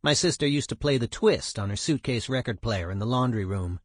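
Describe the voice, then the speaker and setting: A man's voice: medium pitch, animated, a little fast, dry recording, clean studio sound, natural voice. A man reading as a reminiscing woman punk singer. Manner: reflective, plain recollection.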